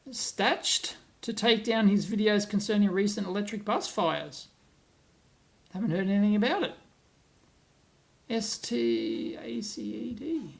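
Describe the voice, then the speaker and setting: Chatty Australian man rambling on a livestream. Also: high-pitched. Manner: rambling and chatty, laughs often, thinks out loud with restarts. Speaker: livestream host. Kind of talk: casual live-stream chat, reading viewer comments aloud. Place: at home on a laptop, away from his office.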